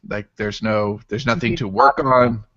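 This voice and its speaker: A man's voice: on the low side, fairly even intonation, measured pace, a bit bright, dull audio. A man co-hosting a podcast, talking in an enthusiastic, rambling casual way. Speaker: podcast co-host.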